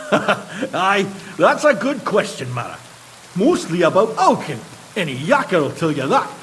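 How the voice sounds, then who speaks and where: A chatty miner. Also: male voice, sits high, very animated, a little slow, fairly bright tone, a little hiss or hum, heavily acted. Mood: cheerful. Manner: chatty, easygoing, full of miners' slang. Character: chatty, cheerful male miner, middle-aged.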